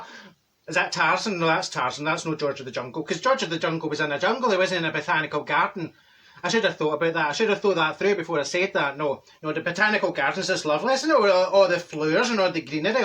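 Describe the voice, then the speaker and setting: This character comedy piece has a man playing a talkative, brash middle-aged woman with a Glasgow accent, using a high, pushed, bright voice. She relates a comic tale bluntly and gossipily, calling herself a people person.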